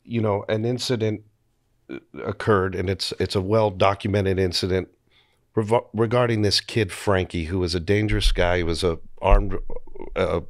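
A man's voice: deep voice, steady tone, moderate pace, no room sound, clean studio sound. A man hosting an interview, retelling the guest's stories back to him. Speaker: interviewer host.

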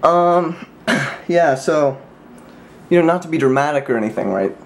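A man's voice: on the high side, animated, unhurried, gravelly. A man talking casually to camera in a vlog, teasing his friends in a mock-mean way, full of "like" and "um", laughing at his own jokes. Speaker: vlogger.

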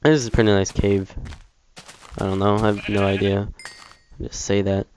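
A young man giving casual, chatty gameplay commentary as a Let's Play gamer, self-mocking and prone to excited outbursts. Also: on the low side, normal speed, slight background noise.

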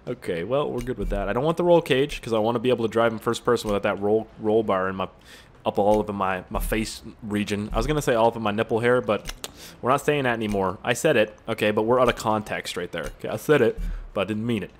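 A man's voice: lowish voice, fast. A man in his twenties doing gameplay commentary, rambling off-topic and joking crudely with plenty of swearing. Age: 20s. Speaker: gaming YouTuber.

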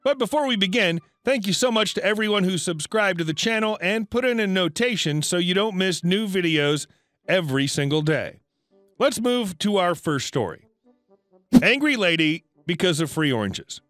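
Narrator: a man with a high voice, even scripted read, dry close sound, faint music underneath. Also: normal speed, dry recording.

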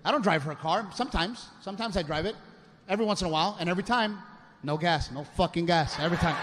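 A man performing live stand-up comedy, ranting in an exasperated way with loud shouted bursts. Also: high-pitched, quick pace. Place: stage at a live show. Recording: live show with loud background noise.

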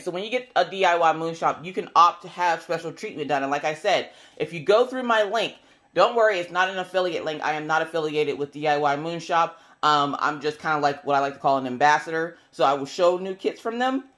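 A woman hosting a casual unboxing video, chatty and enthusiastic, her voice squeaky today. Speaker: crafting video host.

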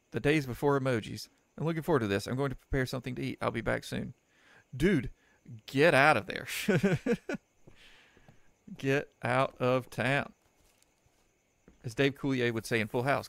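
Speaking into a desk mic, this young let's player jokes his way through a horror game, laughing a lot and reading its text with sarcasm. His mid-range voice carries vocal fry and a slightly bright quality, and the sound is echo-free.

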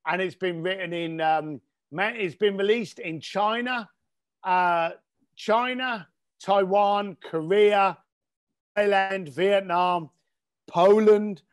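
A man's voice: sits high, takes it slowly, clean tone. A middle-aged man from East London, a guest entrepreneur and author, telling stories in a casual interview in a blunt, emphatic way. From East London, England.

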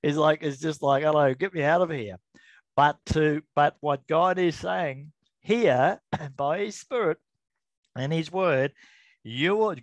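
A middle-aged man giving an informal Bible devotional to camera, earnest and chatty, often stopping to correct himself and slowing down to read verses. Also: on the high side, no echo. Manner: earnest, chatty, self-interrupting, reads scripture slowly. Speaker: Bible teacher.

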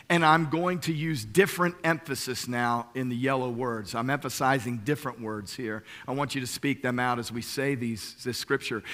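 A man preaches a sermon as lead pastor to a live congregation in a church sanctuary. His medium-pitched voice is pushed and bright; he speaks with emphasis, repeats key phrases and keeps asking the room questions.

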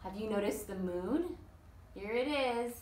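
A woman's voice: fairly high pitch, lively intonation, a little slow, darkish tone, slight background noise. A woman reading a picture book and nursery rhymes to young children at a library storytime, sing-song and coaxing them to join in. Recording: echoey room, mic at a distance.

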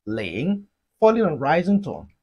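A Mandarin teacher giving an online lesson, explaining slowly and deliberately and leading repeat-after-me drills. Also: medium pitch, sing-song, slightly rough, muffled recording. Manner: slow, deliberate explaining, modeling sounds for learners.

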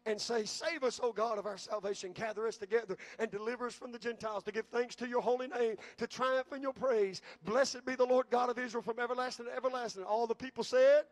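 A man preaching a sermon as pastor, calling out to the congregation and building to shouts. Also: very high-pitched, fast, hardly any pauses, dry recording.

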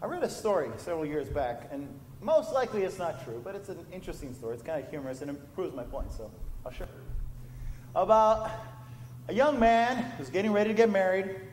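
High-voiced preacher in an echoey church. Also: male voice, lively intonation, brisk, darkish tone, slight background noise. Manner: storytelling, rising to impassioned emphasis. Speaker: pastor. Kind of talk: sermon. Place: church sanctuary.

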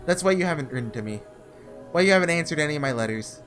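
A tormented young man pours out his anguish in raw, desperate cries, as a man reads him aloud. The voice rides a lively, climbing pitch that lurches up and down. Soft music hums underneath. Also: racing. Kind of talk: reading a visual novel aloud.

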